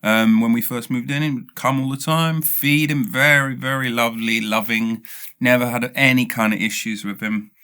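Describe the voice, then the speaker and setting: Here a British man with a medium-pitched, clean-sounding voice hosts a podcast at a moderate pace. His casual comic story meanders excitedly, broken up by stutters and restarts as he interrupts himself.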